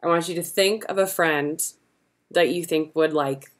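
Chatty young woman with a lowish voice. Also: moderate pace. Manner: chatty, giggly, easygoing. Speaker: livestream host. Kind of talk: casual livestream Q&A.

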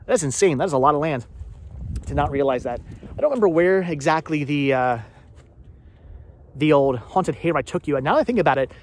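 A man with a slightly raised pitch talks casually to his viewers as he walks outdoors. His delivery is rambling and chatty, full of asides and questions for the audience. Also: animated, fairly quick, long pauses, darkish tone, slight background noise. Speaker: vlogger. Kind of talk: casual walking vlog. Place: outdoors on a hilly tree farm.

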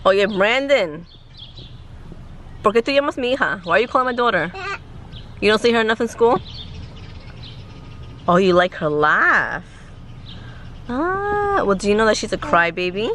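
A woman vlogging her family life in an animated, excitable way, switching between English and Spanish. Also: mid-range voice, normal speed, pauses often, a little hiss or hum. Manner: animated, excitable, bursts into yelps and laughs. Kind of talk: casual family vlog chat.

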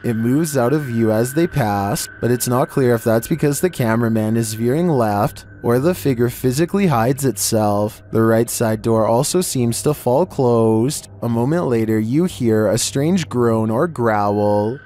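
A man giving scripted narration in a measured, steady storytelling delivery. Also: mid-range voice, a little hiss or hum.

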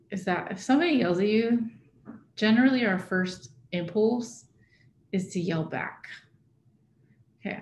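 A woman's voice: medium pitch, darkish tone, muffled recording, slight background noise. A woman presenting a workshop to a live audience, speaking conversationally and checking in with her listeners. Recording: echoey room.

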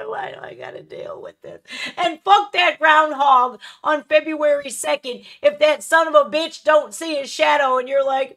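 A woman's voice: sits high, measured pace, creaky. A woman hosting a reaction video who talks casually to her viewers, swears freely and acts out little voices. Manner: profane, animated, acts out voices.

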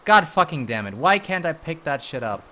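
A man livestreaming his gameplay, his voice bright and ringing as it jumps wildly up and down. He talks fast and loose to his chat, swearing freely and getting worked up at every turn. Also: fairly high pitch, very animated. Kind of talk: live gameplay commentary.

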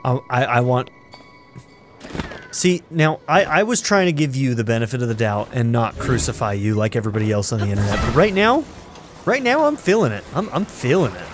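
A man's voice: medium pitch, expressive, brisk, soft background music. A man casually commenting on his own gameplay, exasperated, swearing and laughing at the game. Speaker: let's play gamer.

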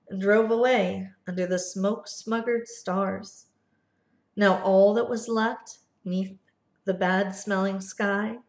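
A woman reads a picture book aloud to young children in a slow, deliberate, expressive storybook manner. Her voice sits at an ordinary pitch for a woman. The recording carries noticeable room echo. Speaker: first grade teacher.

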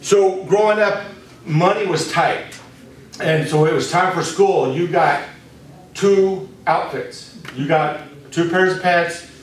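A man's voice: on the high side, slow pace, slight background noise. A man teaching a spiritual course, speaking candidly to a small group and telling stories from his own life. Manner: candid storytelling, speaks straight to listeners. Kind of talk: personal talk to a small group. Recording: very echoey room, from a distance.

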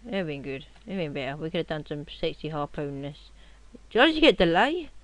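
A young man giving casual gameplay commentary at his computer, rowdy and swearing, often yelling at the game. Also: fairly high pitch, animated, brisk, no echo. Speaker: gaming commentator.

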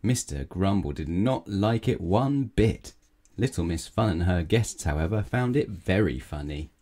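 A man narrating a children's bedtime storybook, gentle and measured. His voice is low and mellow, unhurried as he reads. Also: expressive.

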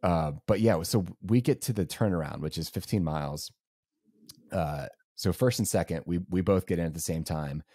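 A young male podcast co-host, Southern US accent, spins a rambling, casual race story packed with fillers. His low voice is mellow with a breathy edge, moving at a moderate pace, and the studio-quality audio has no room sound.

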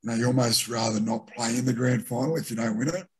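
Speaking quickly in a mid-range voice with a breathy edge, a middle-aged Australian who played rugby league delivers lively anecdotes in a casual interview. He re-enacts his teammates' words as he goes.

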